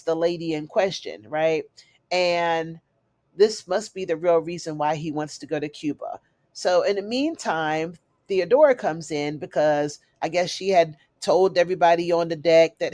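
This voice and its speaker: A woman giving a chatty, animated recap of a TV episode, calling her listeners "honey" and "y'all". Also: fairly low pitch, measured pace, dry recording. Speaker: recap host. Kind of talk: casual TV recap.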